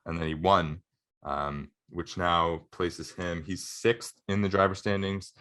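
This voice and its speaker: Deep-voiced man, rambling chat. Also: steady tone, measured pace, bright, forceful tone. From Canada. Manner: rambling, filler-heavy. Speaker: podcast co-host. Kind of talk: casual chat.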